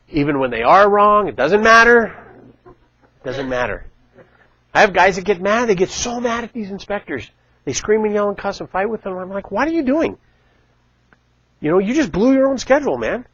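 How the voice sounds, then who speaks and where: A middle-aged man giving a casual church talk, chatty and animated, acting out quotes as he tells stories. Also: sits high, a little fast, no room sound, lo-fi sound. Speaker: church teacher. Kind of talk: casual sermon.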